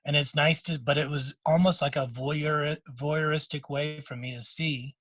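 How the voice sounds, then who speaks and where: A middle-aged man co-hosting a podcast, telling a moving personal story in casual chat, with frequent restarts and quick quoted lines from others. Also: on the high side, steady tone, a bit bright, no room sound. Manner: emotional storytelling with many restarts; quotes others in short bursts. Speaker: podcast co-host.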